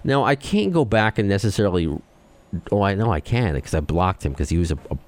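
A man with a New York accent hosting a podcast, talking fast and excitably as he rants. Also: lowish voice, slight background noise. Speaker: podcast host. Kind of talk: casual chat.

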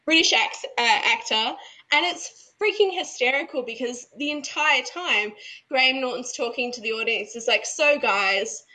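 Bright-voiced woman co-host, lively, laughs easily in casual chat. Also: a little high, moderate pace, low-quality recording. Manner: animated, laughs often while talking. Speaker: podcast co-host.

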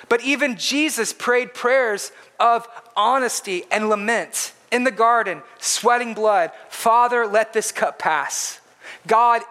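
A man's voice: high voice, pushed and bright. A man preaching a sermon in an earnest, emphatic way, repeating his points for stress. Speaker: pastor.

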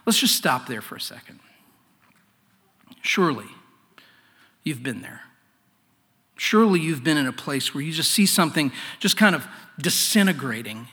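A man preaching a sermon in an earnest way, often dropping to a hushed voice. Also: on the high side, very animated, normal speed, long pauses, husky. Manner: earnest, swings from loud to hushed. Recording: long hall reverb.

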